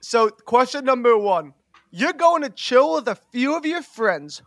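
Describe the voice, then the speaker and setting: A man's voice: very high-pitched, very animated, unhurried, dry recording, studio quality. A young man co-hosting a podcast, rambling and giggly with lots of fillers. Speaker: podcast co-host. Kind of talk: casual chat.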